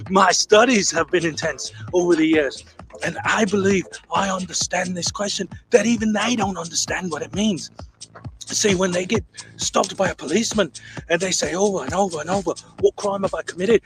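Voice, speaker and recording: A man putting on an Australian accent, playing an excitable male wildlife-show presenter in a mock nature-documentary narration, hushed at times and bursting with excitement. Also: high voice, voice pushed down, low-quality recording. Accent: put-on Australian. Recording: music playing clearly behind.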